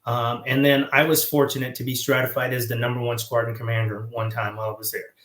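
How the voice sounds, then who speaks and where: A man with a Southern American accent, a guest chatting about his years in command, talking haltingly with many fillers and restarts. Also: mid-range voice, level tone, fairly bright tone. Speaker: guest, former squadron commander. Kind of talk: casual interview chat. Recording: roomy echo.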